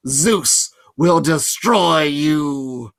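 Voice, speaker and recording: A man reading a storybook aloud, voicing a vengeful female Fury with a Southern accent in a slow, menacing, half-whispered way. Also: fairly high pitch, vocal fry, a bit bright, full character voice. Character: hissing monstrous female Fury, vengeful teacher.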